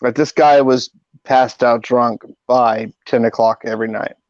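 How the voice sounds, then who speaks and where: A man's voice: medium pitch, steady tone, unhurried, no echo. A middle-aged man hosting a podcast, telling rambling, profane anecdotes in a casual way. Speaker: podcast host. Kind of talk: casual storytelling. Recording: dull lo-fi audio.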